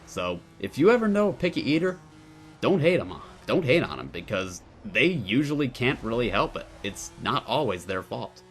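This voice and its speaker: A man's voice: medium pitch, big pitch swings, moderate pace, a little hiss or hum. A young man answering viewer questions at home in a casual, playful, wry way. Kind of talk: casual Q&A monologue.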